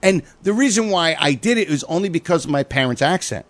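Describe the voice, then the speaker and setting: A man, a comedian hosting a podcast, telling stories in a profane, animated way. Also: a little high, fairly quick, no echo. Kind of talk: casual chat.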